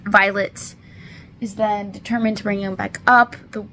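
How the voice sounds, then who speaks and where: A woman's voice: medium pitch, little pitch movement, unhurried, bright, forceful tone, slight background noise. A woman in her twenties casually recapping a book in a chatty, rambling, apologetic way, with many fillers, holding back tears. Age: 20s. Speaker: book reviewer.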